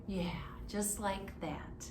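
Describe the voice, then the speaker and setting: A woman's voice: medium pitch, extremely slow, reverberant, very noisy. A woman librarian reading a picture book aloud at children's story time, stopping often to ask the children questions. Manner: interactive, asks children questions.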